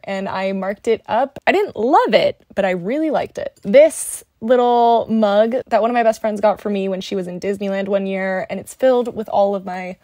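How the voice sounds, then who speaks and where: A woman's voice: mid-range voice, a little mellow, no echo, clean studio sound. A young woman giving a casual, chatty tour of her bookshelves at home, gushing and rambling as she goes. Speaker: book vlogger. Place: home bookshelf room, Las Vegas.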